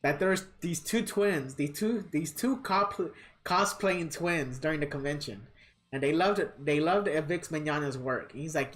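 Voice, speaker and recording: While livestreaming a fighting game, a woman offers casual commentary in a low, animated voice at a moderate pace. She rants bluntly with plenty of swearing and laughs at what she's just said.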